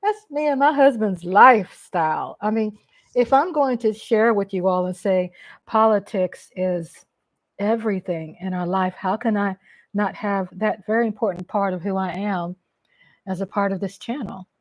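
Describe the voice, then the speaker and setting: A woman's voice: medium pitch, moderate pace, no room sound. A middle-aged woman from Texas with a Texan accent, chatting casually with viewers on a live stream at home and greeting them by name.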